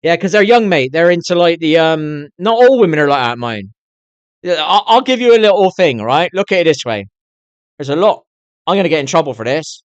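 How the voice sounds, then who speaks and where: Man, middle-aged, live streamer, raised pitch, bone-dry room, foul-mouthed, rambling, candid. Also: animated, fairly quick, dry recording, lo-fi sound. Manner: swears constantly, rambling and candid. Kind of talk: casual rambling chat to viewers.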